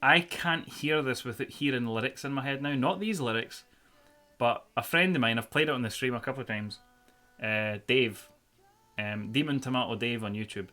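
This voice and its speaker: A man's voice: medium pitch, moderate pace, bright, forceful tone. A man, a streamer chatting casually to his viewers as he signs off. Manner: rambling, signing off.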